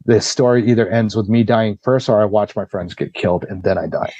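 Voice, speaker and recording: A man's voice: on the low side, a little fast, mellow, no room sound, muffled recording. A man who is a podcast guest, recounting a personal ordeal in casual, blunt, profane storytelling full of "you know" and "like".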